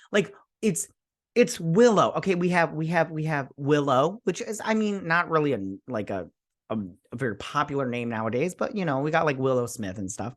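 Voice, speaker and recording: A man's voice: on the high side, expressive, brisk, a bit bright. A man hosting a casual episode review, rambling and sarcastic, full of fillers and restarts. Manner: rambling, sarcastic, frequent fillers and self-corrections. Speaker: show host reviewing an episode.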